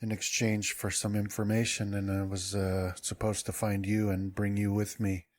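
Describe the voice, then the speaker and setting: A man's voice: lowish voice, little pitch movement, normal speed, a little mellow. A man playing a tabletop game, giving brief, easygoing replies. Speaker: player.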